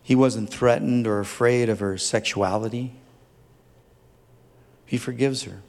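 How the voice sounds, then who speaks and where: Earnest pastor preaching in a reverberant hall. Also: male voice, on the low side, steady tone, unhurried, darkish tone. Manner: earnest, tender, builds to fervent emphasis. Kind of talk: sermon.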